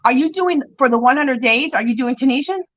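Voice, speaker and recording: A woman's voice: high voice, brisk, lo-fi sound. A woman hosting a casual craft livestream, reading viewer comments aloud and greeting people by name in a chatty, gushing way while she works on her yarn. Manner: chatty, animated, with gushing exclamations. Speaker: livestream host.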